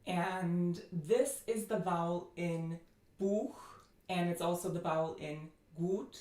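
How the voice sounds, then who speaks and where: A woman's voice: on the low side, takes it slowly, warm tone, roomy sound. An American woman giving a phonetics lecture, listing sound features and demonstrating each one. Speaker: linguistics teacher.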